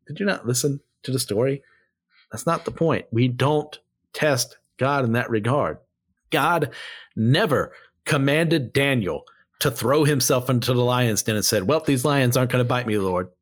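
A man's voice: medium pitch, measured pace, slightly rough. A man giving casual Bible commentary, blunt and opinionated, who drifts off on tangents and pulls himself back. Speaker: Bible study teacher.

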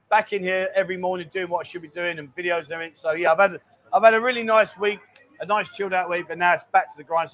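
A man's voice: sits high, fairly bright tone. A man hosting a casual live stream, chatting and reading out viewer greetings. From England.

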